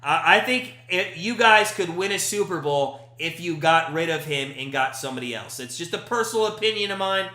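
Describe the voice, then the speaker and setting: A young man hosts a casual live stream, calling the game and chatting loosely with viewers between pitches. His voice sits high and bright. The sound carries a noticeable room echo. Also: lively intonation, moderate pace, few pauses. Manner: chatty, reads out viewer comments, loose and joking. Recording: echoey room.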